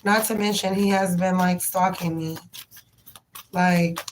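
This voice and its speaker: A woman's voice: on the low side, steady tone, measured pace, a little hiss or hum, low-quality recording. A woman hosting a live tarot reading stream, chatting casually and affectionately with viewers in slang. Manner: rhythmic chanted prayer.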